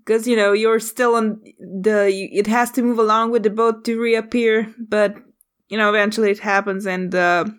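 A woman running a tabletop game as game master, narrating in a halting way with many pauses. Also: mid-range voice, steady tone. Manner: halting, many fillers and restarts.

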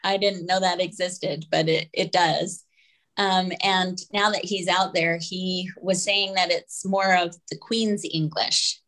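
A woman being interviewed on a podcast, speaking hesitantly with many ums and soft laughs. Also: fairly low pitch, steady tone, slow pace, low-quality recording. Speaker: podcast guest. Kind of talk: casual interview chat.

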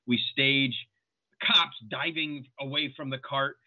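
A man's voice: mid-range voice, steady tone, slow. Man on a tinny, phone-like line. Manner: analytical, thinks aloud. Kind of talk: casual film discussion.

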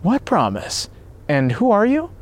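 A man's voice: sits high, huge pitch swings, unhurried, pitched above the performer's own voice, full character voice. A man reading the part of a wealthy, proud married nobleman in a storybook telling. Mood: cold.

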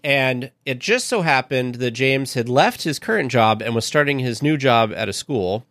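A man's voice: medium pitch, expressive, moderate pace, fairly bright tone, dry recording. A man hosting a podcast, telling a personal story in an earnest, heartfelt casual way.

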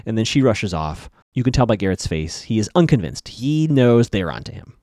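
A man's voice: lowish voice, sing-song, moderate pace, dark tone, no room sound. Guy recapping a tv episode, voice bounces up and down a lot, dry close sound, chatty and wry. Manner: chatty, wry asides, many fillers. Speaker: podcast host recapping a TV episode.

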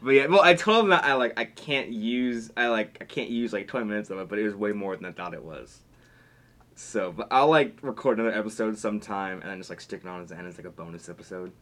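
A young man hosting a podcast in casual chat, rambling and laughing often, his voice trailing off quietly. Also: lowish voice, quick pace. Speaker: podcast host.

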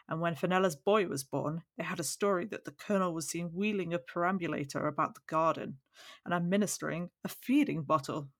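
A woman's voice: on the low side, fairly bright tone. A woman reading the part of a fat, jovial older lord who gossips with exclamations, in an audiobook. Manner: chatty, gossipy storytelling with exclamations.

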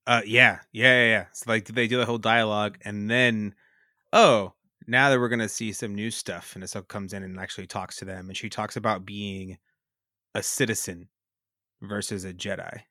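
Bright-voiced man in casual podcast chat. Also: on the low side, steady tone, no echo, studio quality. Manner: chiming in, quick reactions, teasing. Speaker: podcast co-host. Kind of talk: casual chat recapping a TV episode.

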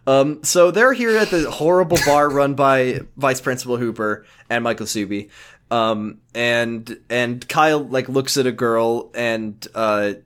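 A man's voice: medium pitch, unhurried, fairly bright tone. A man co-hosting a casual podcast, recapping a TV show with jokes and silly put-on character voices. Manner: jokey, puts on silly voices for characters, swears. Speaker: podcast co-host.

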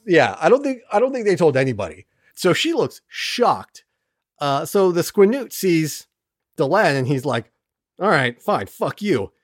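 A podcast host rushes through an episode recap, casual and sarcastic, swearing and tossing off quick impressions of characters. Their pitch swings widely and stays lively, and the recording is close and dry.

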